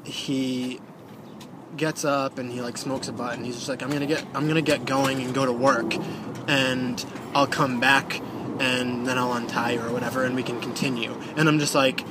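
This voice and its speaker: A man's voice: mid-range voice, level tone, moderate pace, background noise. A young man telling a story in a rambling, profane way, full of fillers. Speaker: storyteller guest. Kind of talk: casual storytelling.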